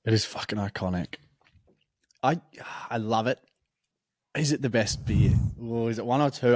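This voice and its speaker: A young man, co-hosting a casual podcast and telling stories in a lively, swearing, laughing way. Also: lowish voice, no room sound, clean studio sound. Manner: animated storytelling, swears freely. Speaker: podcast co-host. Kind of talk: casual chat.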